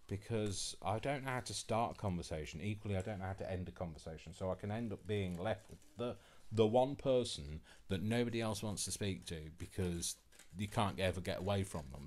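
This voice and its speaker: Deep-voiced man talking earnestly. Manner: rambling, earnest, self-correcting with many restarts. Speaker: channel host. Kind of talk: casual chat.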